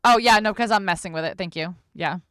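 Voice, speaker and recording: Smooth-voiced woman hosting a stream. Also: medium pitch, fast, a bit bright, no room sound, clean studio sound. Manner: giggly, upbeat, prompting each player in turn. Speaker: game show host. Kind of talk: casual stream chat.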